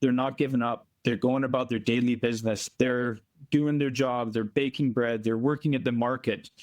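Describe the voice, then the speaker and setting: A man from Canada, a volunteer being interviewed remotely, telling earnest stories in a plainspoken, emphatic way and slowing down to stress points. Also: medium pitch, steady tone, a little mellow. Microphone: remote call from abroad.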